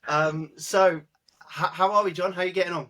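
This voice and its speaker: A man's voice: sits high, steady tone, normal speed, pushed and bright. A man hosting a podcast, introducing and interviewing a guest in an upbeat, playful, self-mocking way. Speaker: podcast host.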